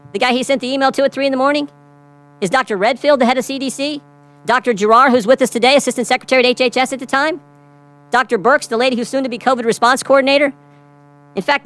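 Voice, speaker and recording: A man's voice: very high voice, fairly bright tone, rough recording. A man giving a prepared statement at a hearing, emphatic and repeating key phrases for effect. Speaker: lawmaker speaking at a hearing.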